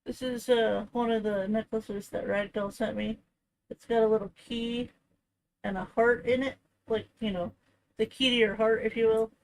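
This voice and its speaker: A woman streamer chatting casually and rambling softly while she plays a game. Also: fairly high pitch, steady tone, moderate pace, a little hiss or hum, poor audio. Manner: rambling and soft-spoken, full of fillers.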